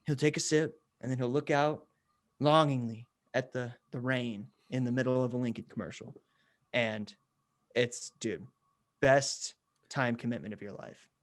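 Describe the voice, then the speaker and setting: A man's voice: mid-range voice, steady tone, a little slow. A man co-hosting a podcast in casual chat, eager and slangy, calling his friends "bro". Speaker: podcast co-host.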